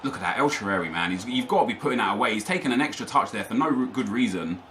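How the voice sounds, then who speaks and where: A man's voice: lowish voice, lively intonation, racing, fairly bright tone, slight background noise. A young man commentating live over his own gameplay, ranting in frustration to his viewers. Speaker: gaming YouTuber.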